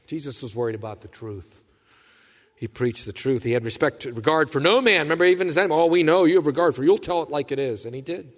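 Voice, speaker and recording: A man preaching a sermon, telling stories with lively asides and acting out the voices of the people he quotes. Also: medium pitch, in a large hall. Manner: animated storyteller, acts out quoted voices. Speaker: pastor.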